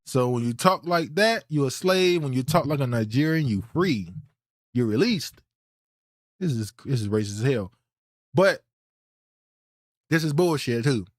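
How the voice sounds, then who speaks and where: A man's voice: mid-range voice, animated, unhurried, long pauses, dry recording. Blunt indignant man with a dry sound. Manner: blunt, indignant, repeats words as he restarts. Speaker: podcast host reacting to clips. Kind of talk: reaction commentary.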